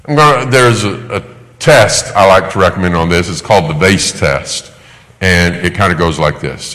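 Man, sermon-style teaching, swinging wide in pitch, deep voice, echoing hall. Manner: animated storytelling, acts out quoted parents. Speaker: preacher teaching on child discipline.

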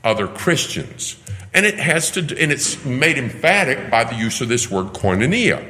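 Bible class teacher, man, bright lively delivery, strong hall reverb. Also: medium pitch, moderate pace. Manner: emphatic, asks rhetorical questions. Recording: echoey hall with long reverb.

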